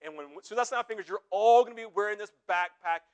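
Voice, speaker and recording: A pastor preaching a conversational sermon, often checking in with his listeners with quick tag questions. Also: high-pitched.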